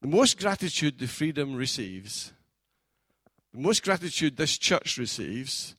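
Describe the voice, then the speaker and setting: Male pastor, lively pitch, bright voice, dry sound, sermon in a church. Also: measured pace, no echo. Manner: animated preaching, builds to shouting.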